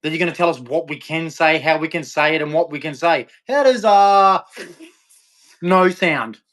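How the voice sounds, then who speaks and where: A man's voice: fairly high pitch, normal speed, fairly bright tone. A middle-aged Australian man ranting angrily to camera, profane, aggressive and repetitive. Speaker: vlogger. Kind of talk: angry rant to camera.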